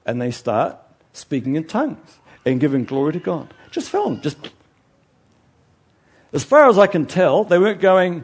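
A man preaching a sermon in an animated way, swinging from loud outbursts to quiet asides, chatty and joking at his own expense. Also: on the high side, normal speed, pauses often, slightly rough. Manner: chatty, self-mocking and joking.

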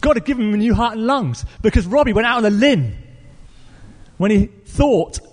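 An Englishman preaching a sermon, telling a story in an earnest, animated way with fillers and restarts. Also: sits high, moderate pace. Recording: long reverb of a church hall.

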